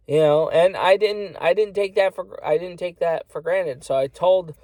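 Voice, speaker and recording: A man's voice: high voice, normal speed, few pauses, darkish tone, no room sound. A man ranting casually on a vlog, rambling and swearing a lot, filling gaps with "you know". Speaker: vlogger. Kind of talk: casual rant to camera.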